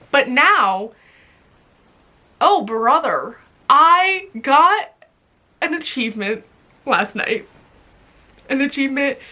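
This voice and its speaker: A woman's voice: sits high, pushed and bright. A young woman vlogging in a rambling, giggly casual chat, full of fillers.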